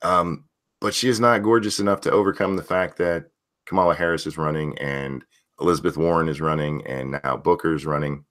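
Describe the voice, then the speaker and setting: A man with a very low, deep voice hosts a casual livestream, reading out chat messages. He talks bluntly and swears freely, with loose conversational rhythm. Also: steady tone, brisk, fairly bright tone. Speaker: streamer host reading chat.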